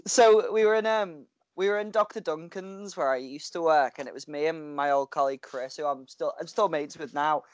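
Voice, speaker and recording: Over a video call mic, a man with a slightly high, smooth voice co-hosts a podcast at a moderate pace with few pauses. He chats casually and tells stories, laughing often, in a dry recording.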